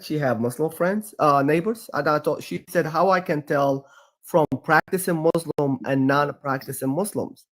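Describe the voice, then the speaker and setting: A man from Iraq with an Iraqi accent, a guest on a livestream, telling stories emphatically and repeating himself as he restarts phrases. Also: high voice. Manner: repetitive, emphatic storytelling with frequent restarts. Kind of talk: casual debate-stream chat.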